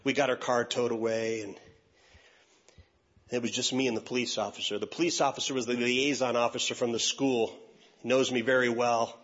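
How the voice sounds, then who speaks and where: A man, a youth pastor and speaker, telling a funny story in an animated way and acting out each person's voice. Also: mid-range voice, a little fast. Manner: animated, acts out every voice. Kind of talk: comic storytelling talk. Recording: dull lo-fi recording.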